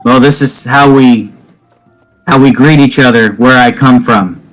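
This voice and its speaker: A man's voice: mid-range voice, measured pace, faint music behind, low-quality recording. Hesitant man role-playing at the table. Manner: hesitant, full of filler words. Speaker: tabletop game player. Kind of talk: in-character role-play mixed with table talk.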